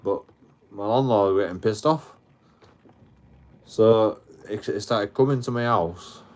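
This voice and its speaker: Low-voiced rambling man. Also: unhurried, darkish tone. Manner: rambling, heavy swearing, frequent restarts. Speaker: livestreamer. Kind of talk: casual storytelling. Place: outdoors.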